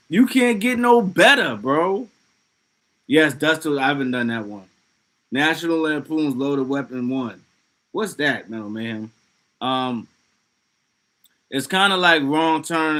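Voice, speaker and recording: A man hosting a casual livestream, talking loosely and excitably with plenty of profanity as he reads out chat messages. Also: medium pitch, rough recording. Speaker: livestream host.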